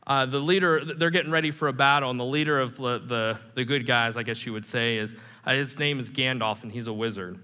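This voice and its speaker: A man preaching a sermon in a church, animated and conversational, with self-deprecating humor. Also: medium pitch, fairly quick, hardly any pauses, clean tone. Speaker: pastor. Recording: reverberant hall.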